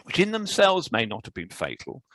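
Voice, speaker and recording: A man presenting a legal webinar as a barrister, speaking in a measured, explanatory way with frequent fillers, over a video call. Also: a little high, huge pitch swings, a bit bright, no echo, low-quality recording. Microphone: video call microphone.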